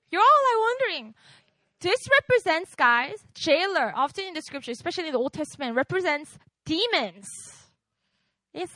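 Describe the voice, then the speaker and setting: Lively, high-pitched woman preaching. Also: no echo. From outside America. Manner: conversational, keeps quizzing the audience with "right?". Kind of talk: casual sermon to a young congregation.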